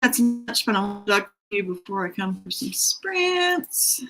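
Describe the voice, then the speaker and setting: A woman's voice: medium pitch, sing-song, measured pace, sharp tone, soft background music, poor audio. A middle-aged woman hosting a writing sprint stream from her home, chatting casually and rambling with self-deprecating asides. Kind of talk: casual livestream chat, reading out comments. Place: home room.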